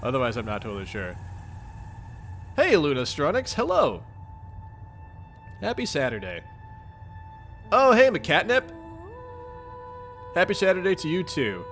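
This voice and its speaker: A young webcomic-reading livestream host with a Midwestern accent greets his viewers playfully, goofy and upbeat. His fairly high, a bit bright voice swoops wildly in pitch, and he speaks a little slowly, pausing often, over soft background music.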